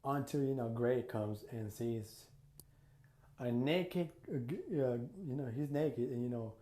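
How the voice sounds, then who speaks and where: A man's voice: mid-range voice, measured pace, mellow, echoey room. A man casually retelling a fan story, rambling with lots of fillers and acting out the quotes. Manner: rambling, full of "you know" and "like", acts out quotes.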